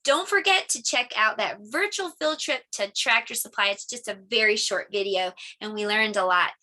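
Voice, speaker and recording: A middle-aged woman teaching a preschool lesson in a gentle, sing-song voice. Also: medium pitch, normal speed.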